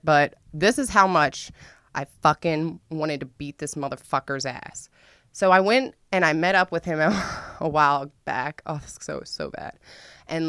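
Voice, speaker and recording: A woman's voice: sits low, clear, resonant tone, no room sound, clean studio sound. A woman hosting a podcast, telling a story in a casual, profane way, laughing often. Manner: excitable, voice spikes when venting. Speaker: podcast host.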